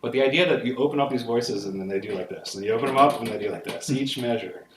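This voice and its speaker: A man's voice: medium pitch, quick pace, a little hiss or hum. A man teaching music theory in a classroom lecture, explaining passages step by step with solfege syllables and enthusiastic checks with his listeners. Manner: energetic and enthusiastic about the music. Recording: roomy echo with clear piano. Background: piano playing.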